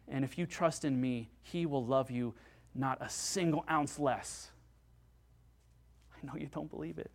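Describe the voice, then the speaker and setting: A male pastor preaching a sermon in an earnest way, moving between hushed and loud passages. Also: mid-range voice, measured pace, gravelly, long pauses.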